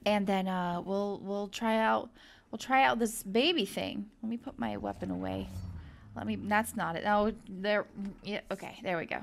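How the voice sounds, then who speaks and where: A woman's voice: medium pitch, expressive, moderate pace, gravelly, slight background noise. A young woman casually commentating her own gameplay, chatty and gushing over the creatures she tames. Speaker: gaming video host. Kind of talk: casual let's-play commentary.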